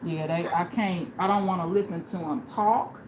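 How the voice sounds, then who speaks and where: A woman's voice: on the low side, moderate pace. A woman livestreaming, telling stories casually and bluntly, acting out the people she quotes. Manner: blunt, animated storyteller who acts out quoted people. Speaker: livestream host. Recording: echoey room with background noise.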